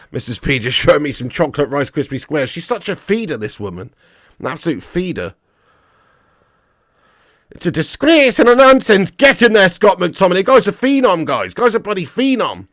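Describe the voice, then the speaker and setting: A man hosting a live football watch-along, reacting loudly, swearing often and chatting with viewers in the chat. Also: sits high, normal speed, pauses often, no echo, clean studio sound. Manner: swears a lot, excitable, chats to viewers.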